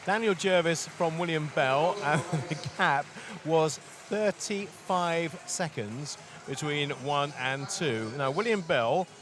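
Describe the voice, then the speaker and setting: A man commentating live on a swimming race, lively and full of times and stats. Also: a little high. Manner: lively, quick-talking, stats-heavy. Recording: loud crowd in the arena. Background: crowd noise.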